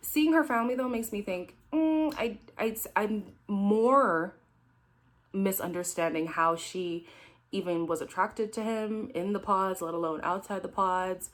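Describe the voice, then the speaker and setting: A frank, chatty woman talks straight to her viewers as she recaps an episode. Her pitch sits in a middling range and her delivery stays conversational and direct. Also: unhurried. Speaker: recap host. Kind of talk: casual reaction commentary.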